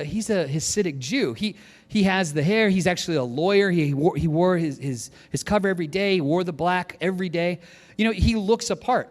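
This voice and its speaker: Animated pastor in a reverberant hall. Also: male voice, fairly high pitch. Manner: animated, lively storytelling with acted-out quotes. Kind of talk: storytelling sermon.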